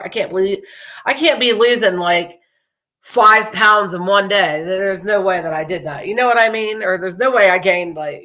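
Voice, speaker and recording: A young adult woman rambles to her viewers in a loose, chatty way, swearing freely and laughing often. Her voice is bright and forceful, sitting at an ordinary pitch for a woman. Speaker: true crime podcast host. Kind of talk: casual chat to viewers.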